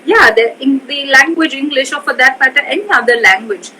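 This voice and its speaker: A woman with a bright, fairly high voice hosts a live video interview. She is effusive and keeps encouraging her guest. A faint hiss of noise sits behind her voice. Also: a little fast, poor audio. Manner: effusive, many affirming interjections. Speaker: interviewer for a pageant organization. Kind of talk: casual interview over a live video call. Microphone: video call.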